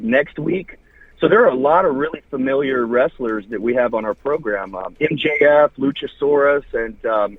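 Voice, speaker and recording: A man's voice: medium pitch, dry recording. A man with a Southern US accent, a wrestling TV host, chatting casually and plugging his show with lots of names and details. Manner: promotional, rattles off names and details. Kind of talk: casual podcast chat. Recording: dry, husky, phone-like line.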